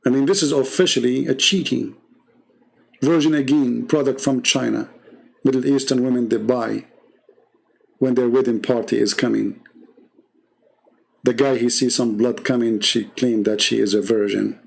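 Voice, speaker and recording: A man's voice: mid-range voice, steady tone, moderate pace, creaky, long pauses, slightly rough. A man hosting a live debate stream, delivering a heated, scornful monologue full of mocking rhetorical questions.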